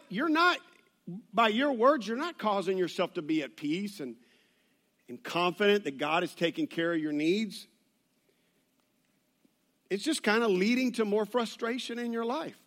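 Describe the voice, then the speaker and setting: A man's voice: high voice, measured pace, a bit bright. A man preaching a sermon in a church, conversational with joking asides and rambling restarts. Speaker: pastor.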